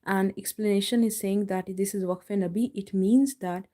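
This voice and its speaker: Calm woman teacher spelling out recitation. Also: mid-range voice. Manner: slow letter-by-letter spelling, then recites each word. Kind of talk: live online recitation lesson.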